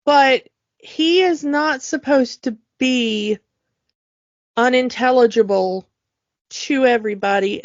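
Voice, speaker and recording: Higher-voiced woman on a podcast, takes her time, gets real emphatic, dull dry sound. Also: no echo. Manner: animated, emphatic, ranting. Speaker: podcast co-host. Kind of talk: casual chat.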